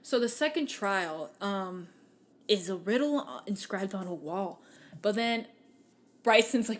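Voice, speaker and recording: A woman's voice: medium pitch, a little slow. A young woman hosting a podcast, casually retelling a fantasy novel with lots of swearing and acted-out lines. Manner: animated, acts out characters' lines, swears freely. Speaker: podcast host. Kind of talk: casual book recap.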